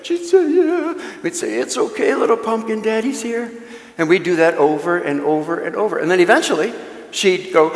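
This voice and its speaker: A man with a fairly high voice gives a conversational mission talk in a church. He tells stories and makes joking asides to the audience, and his voice rings through the room with a long reverb trailing after it. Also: fairly bright tone. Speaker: guest speaker at a parish mission.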